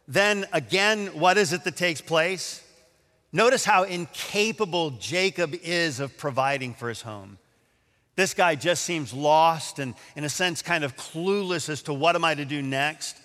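A man preaching a sermon, reading scripture aloud and explaining it with animated emphasis. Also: on the high side, measured pace. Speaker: pastor. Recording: long hall reverb.

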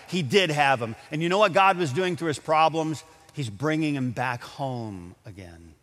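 A man preaching a sermon as a pastor, telling stories and building to emphatic, rising peaks. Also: medium pitch. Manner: animated, storytelling with rising emphasis. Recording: long hall reverb.

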